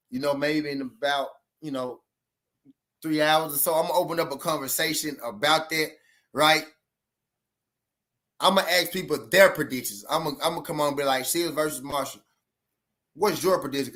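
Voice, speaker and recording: A man's voice: fairly high pitch, fairly bright tone. Chatty Southern man hosting a livestream. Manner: loose and chatty, talks straight to chat, repeats himself. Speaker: boxing livestream host. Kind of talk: casual livestream chat with viewers.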